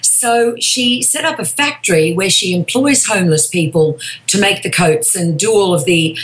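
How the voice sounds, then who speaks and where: An Australian woman, a comedian and voice actor, chatting as a guest over a remote line in an animated, storytelling way. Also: lowish voice, low-quality recording. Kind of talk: casual interview chat. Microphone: phone or remote line.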